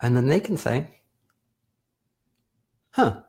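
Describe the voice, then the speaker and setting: Man, therapist, live-stream host, calm and explanatory, husky voice. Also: mid-range voice, moderate pace. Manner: calm, explanatory, self-correcting. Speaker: therapist hosting a live video. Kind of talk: casual live-stream talk.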